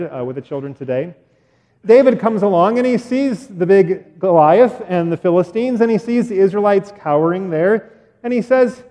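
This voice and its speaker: A pastor retelling a story in a sermon, animated and acting out sound effects, with fillers along the way. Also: male voice, high-pitched. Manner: animated, acts out sounds and voices. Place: church. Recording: echoey church hall.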